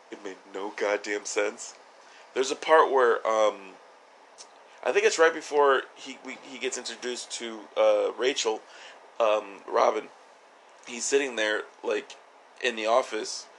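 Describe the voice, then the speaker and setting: A man's voice: mid-range voice, a little slow, fairly bright tone, slight background noise. A man co-hosting a podcast, chatting casually about a TV episode, jokey, swearing and laughing often. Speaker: podcast co-host. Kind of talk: casual chat reviewing a TV episode.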